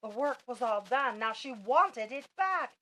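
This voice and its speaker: A middle-aged woman reading a rhyming children's story aloud, slow and expressive, as a parent at bedtime. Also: on the high side, low-quality recording. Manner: slow, expressive, dropping soft at the end.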